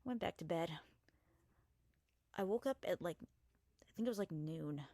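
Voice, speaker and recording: Young woman vlogging from home, kinda low voice, dry close sound, stops and restarts a lot, swears casually. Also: animated, warm tone, no echo. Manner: halting, hesitant, swears casually, trails off. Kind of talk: casual storytelling vlog.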